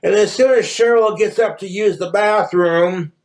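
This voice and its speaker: A high-pitched man rambles through a crude, profane livestream monologue. He tells his jokes in a put-on mock Cockney accent. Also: normal speed.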